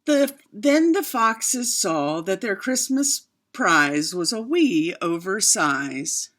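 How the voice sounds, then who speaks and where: A woman reading a children's picture book aloud, expressive, with chatty asides to her young listeners. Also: medium pitch, slow pace, few pauses. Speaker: storyteller.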